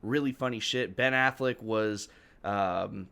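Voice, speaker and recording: A man's voice: fairly low pitch, measured pace, vocal fry, fairly bright tone, clear, resonant tone. A young man co-hosting a podcast in casual chat, rambling and swearing, laughing often. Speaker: podcast co-host.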